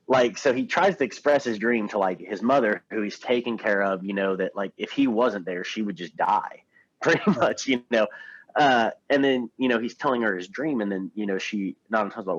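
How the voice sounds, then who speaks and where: Deep-voiced man, dry and dull sound. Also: moderate pace, no room sound. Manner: loose and meandering, many fillers. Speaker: podcast co-host. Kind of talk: casual film discussion. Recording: dull, lo-fi podcast audio.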